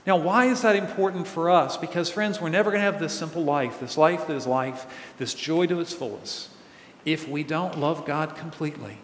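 A man's voice: on the high side, moderate pace, a little hiss or hum. A male pastor preaching a sermon in a conversational, earnest way, asking his congregation questions. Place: large church hall. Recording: echoey hall with long reverb.

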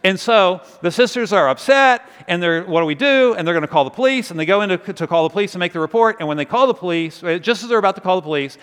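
Man preaching, lively storytelling sermon, fairly high voice, long hall reverb. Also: fast talker, hardly any pauses, clear, resonant tone. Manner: animated, conversational, drops to quiet intensity. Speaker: pastor.

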